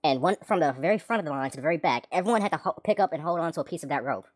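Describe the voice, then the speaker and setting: A low-voiced woman rattles through a story at speed, swearing constantly and wandering off into joking asides. Her delivery is casual and rambling, like a vlogger talking straight to the camera. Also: animated, rapid-fire, darkish tone.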